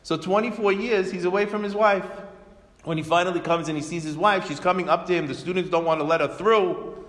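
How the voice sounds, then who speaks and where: A male religious teacher with a slightly high voice, spinning stories and firing rhetorical questions at his class. His voice carries a long hall reverb. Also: brisk. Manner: animated storytelling with rhetorical questions. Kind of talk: Torah class lecture.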